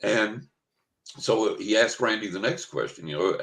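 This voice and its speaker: A man's voice: fairly low pitch, expressive, unhurried, creaky, fairly bright tone. An older man, a psychic guest in an interview, telling an anecdote casually and acting out the quoted dialogue. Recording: roomy echo.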